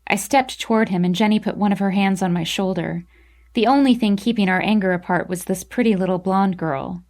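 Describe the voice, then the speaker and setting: A young woman narrating a novel in the first person, in a mid-range voice. Her reading is expressive and emotional, carrying the feelings of the story. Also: medium pitch, moderate pace. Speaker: audiobook narrator.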